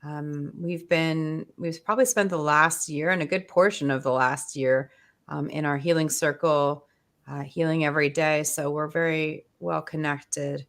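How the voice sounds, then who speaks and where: A woman with a low, breathy voice hosts a relaxed group chat on a video call. She leans into the microphone and lets her words linger, effusive and affectionate. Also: a little slow. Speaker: host. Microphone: close microphone.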